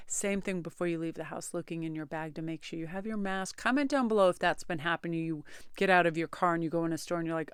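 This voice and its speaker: A woman tarot reader talking casually to her camera, rambling and animated as she tells everyday stories. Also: lowish voice, fast, clear, resonant tone, no echo, studio quality. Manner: chatty, rambling, animated storyteller. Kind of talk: casual chatty vlog. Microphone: close camera-mounted mic.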